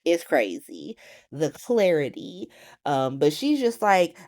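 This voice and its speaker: A woman recapping a soap opera in a casual, profane, animated way, swearing often and laughing as she goes. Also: fairly low pitch, normal speed.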